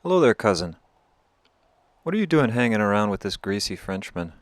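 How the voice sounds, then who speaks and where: A man's voice: on the low side, big pitch swings, a little fast, no room sound. A man doing a blunt, shrewd war chief. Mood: scolding. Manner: blunt and scolding.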